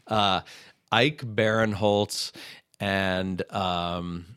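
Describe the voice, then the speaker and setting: A middle-aged man chats casually as a podcast guest, slipping into voices as he tells stories. His tone is bright and forward, and the recording sounds dry and close. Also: low voice, extremely slow, smooth, dry recording. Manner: animated storyteller, acts out voices in anecdotes.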